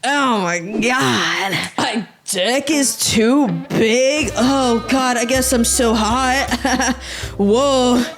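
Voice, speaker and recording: A woman voicing a smug, boastful young man in a slow, mocking drawl. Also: fairly high pitch, faint music behind.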